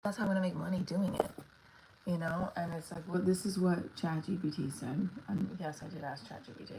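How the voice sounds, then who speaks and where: A woman's voice: fairly low pitch, fairly even intonation, brisk, vocal fry, noisy background. A woman comedian chatting casually on a livestream, rambling with lots of fillers and talking to her viewers.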